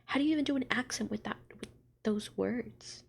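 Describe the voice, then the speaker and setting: A woman testing a low, quiet, unsure voice for a young male character. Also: a little fast, creaky, slight background noise.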